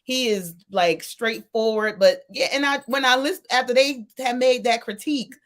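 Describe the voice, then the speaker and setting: A woman's voice: fairly high pitch, moderate pace, a bit bright. A woman co-hosting a radio music show, chatting casually and playfully, laughing often and enthusiastic about the music.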